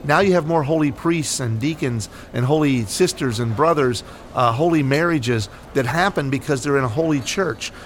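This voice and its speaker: With a mid-range voice at normal speed and slight hiss or hum behind it, an American man co-hosts a Catholic podcast. The faith talk is casual, and he explains earnestly, leaning on fillers and a recurring "right?"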